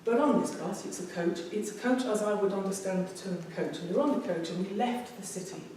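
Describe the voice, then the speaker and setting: In a meeting room, an Englishwoman in her 50s delivers an emotional personal story to a public speaking club, repeating phrases as she goes. Her medium-pitched, darkish voice is brisk. The recording is distant and very echoey, with a little hiss or hum.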